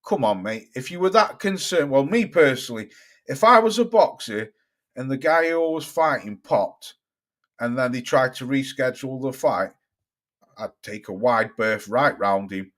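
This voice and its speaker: A man's voice: mid-range voice, lively intonation, moderate pace, fairly bright tone. A middle-aged British man hosting a boxing live stream, talking bluntly and swearing as he reads out viewer comments. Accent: British English. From United Kingdom. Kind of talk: casual live-stream chat reading comments.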